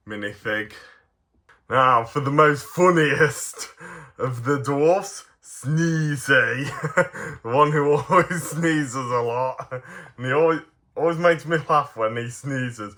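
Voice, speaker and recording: A man's voice: a little high, takes it slowly, bright, forceful tone. A man reviewing toy figures in a casual, playful way, giggling often.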